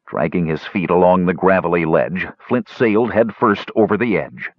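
A man reading an audiobook in steady, measured scripted narration. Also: deep voice, no echo, highs cut off.

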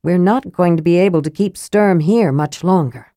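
A blunt, grumbling young warrior with a plain, casual way of talking, as a woman voices him. The voice is low and unpolished, set in a dry, close audiobook recording. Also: normal speed, dark tone, no echo, close to an everyday voice. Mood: gruff. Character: gruff, worried big young warrior.

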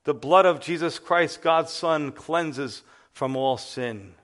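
A man voicing a steadfast male revival preacher, calm, measured and firm, repeating a scripture line. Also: a little high. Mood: stern.

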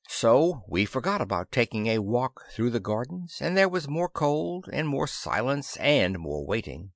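A man's voice: medium pitch, sing-song, unhurried, gravelly, few pauses, dry recording, clean studio sound. A man narrating a science fiction audiobook in the first person, giving the characters their own voices. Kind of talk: scripted narration.

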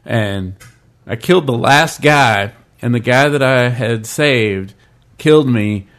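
Excitable man telling a game story. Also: medium pitch, slow pace. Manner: storytelling, excitable, quotes himself. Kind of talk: casual chat about video games.

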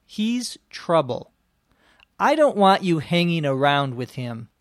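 A man's voice: on the high side, big pitch swings, slow pace, no room sound, clean studio sound. A man playing a strict father in a scripted dialogue, scolding his teenage daughter in a stern voice.

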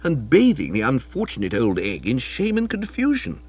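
Husky-voiced man narrating with lively pitch. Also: moderate pace. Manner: lively first-person comic storytelling. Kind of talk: scripted audiobook narration. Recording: dull, muffled audio.

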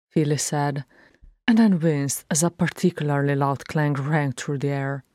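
Low-voiced woman narrating a story. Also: no echo, studio quality. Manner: steady, measured storytelling. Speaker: reader. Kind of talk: audiobook fan fiction narration.

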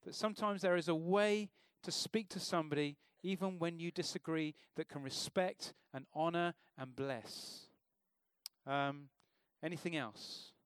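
A man's voice: on the high side, a little slow, smooth, no room sound, studio quality. A man preaching an informal sermon in a church, talking conversationally and asking the congregation questions.

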